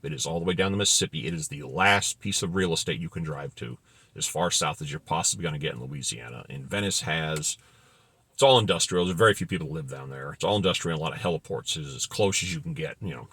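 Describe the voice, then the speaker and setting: A man's voice: low voice, sharp tone, breathy edge, no room sound. A middle-aged man telling rambling, wry anecdotes about his work as a pilot in a casual monologue. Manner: wry, rambling, digressive storytelling. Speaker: former pilot telling stories.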